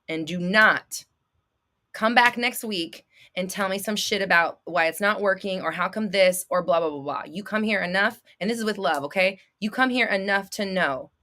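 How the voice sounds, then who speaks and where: A woman hosting a live stream as a manifestation coach, talking bluntly and sassily with plenty of swearing, sometimes flaring into a shout and then laughing it off. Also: medium pitch, normal speed. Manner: blunt, profane and sassy. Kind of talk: live-stream advice talk.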